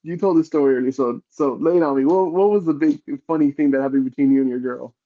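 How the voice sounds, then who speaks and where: A man's voice: on the high side, fast talker, mellow, dull audio. A man hosting a podcast in casual chat, easygoing, prompting his co-host with short reactions.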